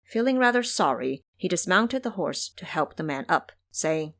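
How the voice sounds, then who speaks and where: A woman narrating a classic fantasy tale in an audio drama series with expressive storytelling. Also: fairly low pitch, normal speed.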